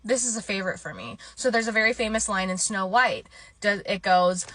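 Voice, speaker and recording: A woman talking straight to her viewers in an easy, conversational way, quizzing them as she goes. Her voice is bright and forward. The sound is dry and close, with almost no room around it. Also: mid-range voice, quick pace, no room sound. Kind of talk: casual explainer video.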